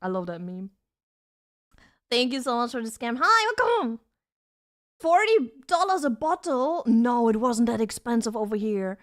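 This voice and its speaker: A bubbly young woman with a high, bright voice chats casually on a live stream, giggling often and reacting to her viewers. She sits at her home desk and talks straight into a desk mic. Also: moderate pace. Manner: bubbly, giggly, reads chat aloud. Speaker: vtuber streamer.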